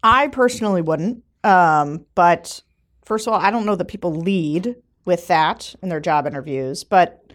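A woman co-hosting a podcast in casual political chat, animated and laughing often. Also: on the low side, unhurried. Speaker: podcast co-host.

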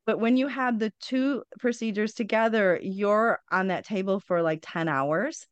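A woman's voice: mid-range voice, a little slow, clean tone, no room sound. A woman in her forties, a podcast guest, telling a candid personal story bluntly, with wry humor and frequent swearing.

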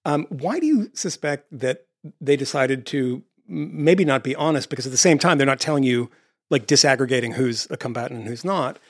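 A man hosting a casual interview, talking in an animated, emphatic way with quick asides. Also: medium pitch, no echo, studio quality.

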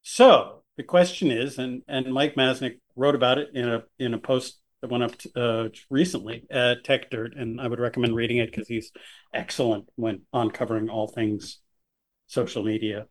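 A man co-hosting a political podcast, talking in a sarcastic, animated way with jokey asides. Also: mid-range voice, moderate pace. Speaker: podcast co-host. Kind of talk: casual political podcast chat.

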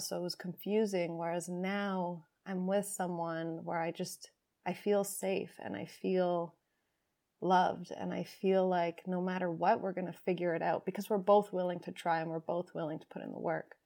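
A woman's voice: lowish voice, little pitch movement, moderate pace, dark tone. A young adult woman, a podcast guest, candidly telling a personal story and acting out her inner voices with emotion.

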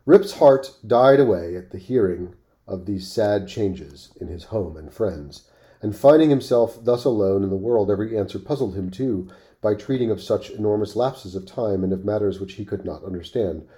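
A man reading a classic story aloud on his podcast, expressive, with offhand asides. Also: fairly low pitch, normal speed.

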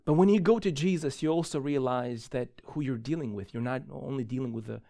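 A male pastor tells a story in a sermon, animated and prone to restarting his sentences. His voice sits at an ordinary middle pitch. He speaks in a church. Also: brisk. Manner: animated, self-correcting storyteller.

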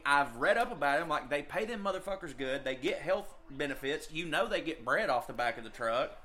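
A man's voice: fairly high pitch, expressive, fairly quick, few pauses, pushed and bright. A man co-hosting a podcast, chatting casually and animatedly, swearing freely. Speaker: podcast co-host. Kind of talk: casual chat.

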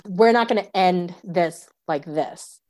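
A young woman, a stand-up comedian telling a story in casual chat, animated, full of fillers and swearing. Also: lowish voice, slow. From New York City.

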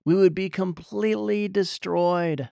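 A man's voice: sits high, fairly even intonation, measured pace, gravelly, mellow, smooth, no echo, studio quality. A young man from Iowa preaching a sermon, earnest and emphatic, his voice rising when he pleads. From Iowa, USA. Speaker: pastor.

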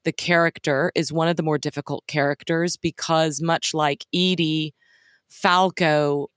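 A woman's voice: low-pitched, steady tone, measured pace, a bit bright, dry recording, studio quality. A woman co-hosting a podcast, talking through a film in a thoughtful, analytical way, with some frank swearing. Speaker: podcast co-host. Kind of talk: casual film discussion.

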